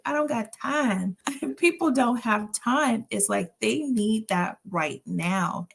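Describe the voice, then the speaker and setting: A woman guest on a podcast interview, telling a personal story in an animated, casual way and acting out remembered dialogue. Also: on the low side, creaky. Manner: casual, conversational phrasing. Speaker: guest, nonprofit founder.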